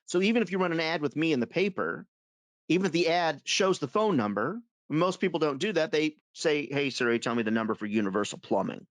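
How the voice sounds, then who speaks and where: A man leading a sales webinar for advertising reps, telling stories in an animated, self-amused way. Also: a little high, fairly quick, no echo. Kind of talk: webinar talk.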